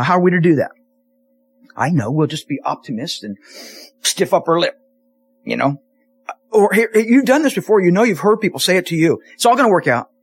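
A man's voice: fairly high pitch, husky. A man preaching a sermon as pastor in a church, telling jokey stories with lots of restarts. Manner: animated, jokey storytelling with many restarts. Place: church sanctuary.

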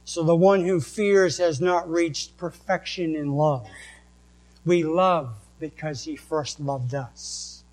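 New england guy preaching, slow careful scripture reading, slightly high voice, low hum behind. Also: steady tone, low-quality recording. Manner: slow, deliberate reading of verses. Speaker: pastor.

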